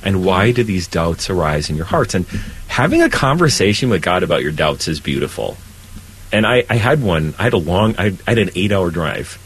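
A man's voice: breathy edge, low-quality recording. A man, a priest, talking earnestly about faith in a conversational show, his voice lifting when he is moved. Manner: earnest and animated, rising pitch when stirred. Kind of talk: conversational spiritual talk.

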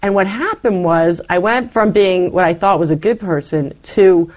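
A middle-aged woman recounts her own story to an interviewer. She talks in a lively, animated way, often slipping into quoted lines of what she once said. Her voice sits a little low for a woman. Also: moderate pace. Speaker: interview guest. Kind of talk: personal testimony in conversation.

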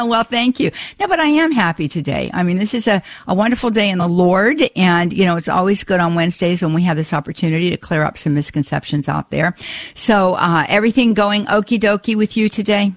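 A woman's voice: lowish voice, brisk, no room sound. A woman hosting a live call-in radio show, talking in a chatty way with many filler uhs and restarts. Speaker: radio talk show host.

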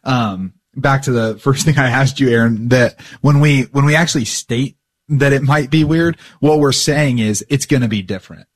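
A man's voice: medium pitch, moderate pace. Affirming man hosting a faith chat. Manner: affirming, asks questions, many fillers. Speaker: podcast host. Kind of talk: casual faith conversation.

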